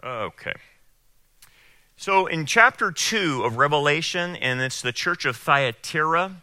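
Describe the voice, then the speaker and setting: Guy preaching a sermon, super bright voice, dry close sound, gets loud and emphatic. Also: medium pitch, very animated, dry recording. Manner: emphatic, quotes people in raised voices, pauses to explain. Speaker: pastor. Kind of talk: sermon and Bible teaching.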